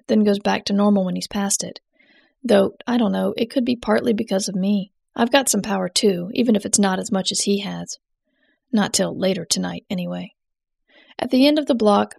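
A heavily gravelly woman narrating a story. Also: medium pitch, a little mellow, no echo, clean studio sound. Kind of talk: scripted first-person narration.

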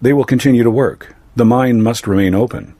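A man's voice: mid-range voice, fairly quick, dark tone, no room sound, lightly acted. A man voicing a curt male imperial guard captain who speaks matter-of-factly.

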